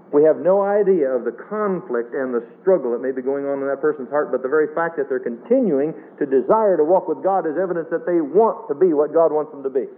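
Man preaching over a tinny radio line. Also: on the high side. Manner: emphatic, storytelling, asks the congregation questions. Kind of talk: sermon.

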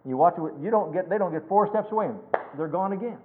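A man preaching a sermon, emphatic, swinging between loud stresses and hushed phrases and quoting scripture in a measured cadence. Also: sits high, lively intonation, slight background noise. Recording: tinny phone-like sermon recording.

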